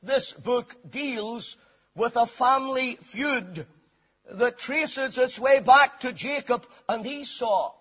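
A man preaching a sermon, reading scripture aloud and expounding it with slow, emphatic delivery. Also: extremely high pitch, slightly rough. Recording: dull lo-fi sound in a reverberant hall.

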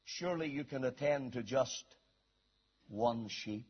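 A man preaching a sermon with emphatic delivery, rising to shouts and dropping to quiet asides. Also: medium pitch, a little slow, breathy edge. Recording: dull lo-fi sermon recording.

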